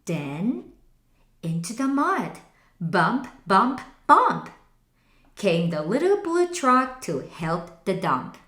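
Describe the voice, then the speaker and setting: A woman teacher reading a picture book aloud slowly, in an expressive sing-song way. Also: mid-range voice, echoey room. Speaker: English teacher.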